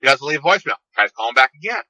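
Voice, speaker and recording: Fifty-something guy on the phone, rambling storyteller, tense bright voice, kinda dull dry line. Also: mid-range voice, very animated, rapid-fire, no room sound. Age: 50s. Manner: rambling, repeats and restarts phrases. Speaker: podcast guest, seed company owner. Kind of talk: casual storytelling interview. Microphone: phone call.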